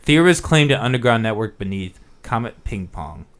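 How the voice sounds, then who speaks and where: A man's voice: on the low side, very animated, normal speed, smooth. A man hosting a casual podcast, rambling and hesitant, full of fillers and swearing. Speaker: podcast host.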